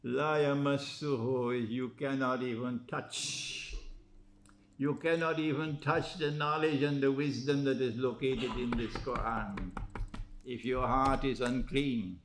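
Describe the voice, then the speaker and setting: A man giving an animated religious lecture as an Islamic lecturer. He poses rhetorical questions and prods his listeners with "huh?". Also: medium pitch, slow pace, slight background noise.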